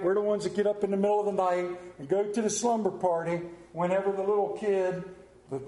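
Middle-aged preacher guy, folksy stories, high voice, echoey church. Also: darkish tone. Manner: folksy storytelling, acting out family scenes with high squeaky child voices. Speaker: pastor. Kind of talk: sermon.

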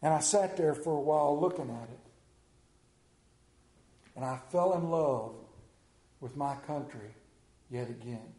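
A middle-aged man preaching a sermon, telling folksy stories and swinging between hushed and animated delivery. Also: on the high side, measured pace, pauses often. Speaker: pastor. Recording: echoey room.

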